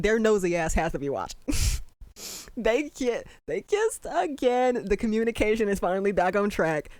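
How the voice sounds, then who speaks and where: A young adult giving casual, excitable reaction commentary on a show, getting emotional and swearing freely. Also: mid-range voice, no room sound.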